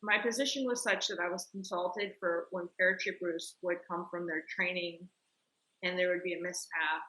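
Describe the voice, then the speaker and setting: Woman interviewer, earnest and reflective, bright forward tone. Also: on the low side, fairly even intonation, normal speed, low-quality recording. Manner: earnest, warm-worded, reflective. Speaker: interview host. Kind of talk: conversational interview.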